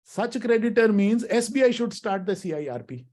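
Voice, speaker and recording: A man's voice: sits high, lively intonation, normal speed, darkish tone. A middle-aged man giving a law lecture, asking the audience questions and addressing them as friends. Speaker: workshop speaker, lawyer.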